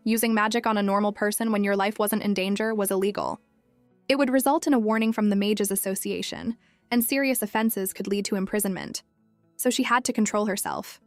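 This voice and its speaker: A woman narrating a story recap in a steady, even, scripted delivery. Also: medium pitch, brisk, no echo, faint music behind.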